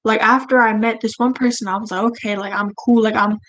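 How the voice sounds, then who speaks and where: A woman's voice: a little high, steady tone, fast talker, fairly bright tone, no echo, rough recording. Rambling teen girl chatting while drawing. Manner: rambling, filler-heavy, self-deprecating. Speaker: vlogger. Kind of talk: casual storytime while drawing. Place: at home, indoors.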